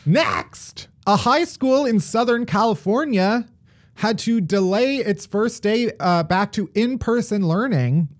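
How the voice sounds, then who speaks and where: Casual male host, joking delivery, high voice. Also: animated. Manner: wry, joking, quick to laugh. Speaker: podcast co-host. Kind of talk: comedic news chat.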